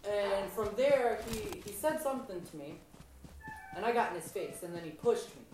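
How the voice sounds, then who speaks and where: A woman telling blunt, profanity-laced stories in a casual chat, animated when retelling. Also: mid-range voice, moderate pace. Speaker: mother telling stories while gaming. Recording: echoey room, far from mic, background noise.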